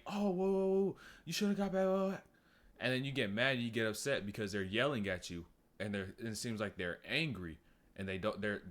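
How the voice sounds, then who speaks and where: A fairly low-pitched man with talks loosely over a clip on his stream. His delivery is relaxed and rambling, and he often stops to talk to his chat. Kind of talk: casual stream commentary.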